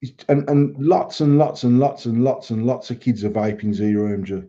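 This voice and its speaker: Sweary man, dark dull sound. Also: medium pitch, fairly even intonation, normal speed. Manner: sweary, blunt, rambling, acts out quotes. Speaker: podcast co-host, vape shop owner. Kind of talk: casual banter.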